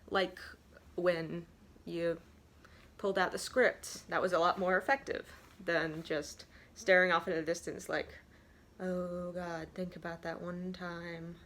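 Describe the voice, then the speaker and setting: Rambling young woman vlogger, lowish voice. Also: creaky, fairly bright tone, slight background noise. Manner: rambling, self-deprecating, frequent "like". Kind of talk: casual confessional tips.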